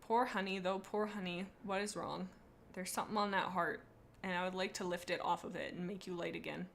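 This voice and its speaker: A woman's voice: lowish voice, fairly even intonation, brisk, creaky, a little hiss or hum. A woman on a live stream, rating viewers' pet cats in a playful, rambling way and reading chat comments aloud into a desk microphone.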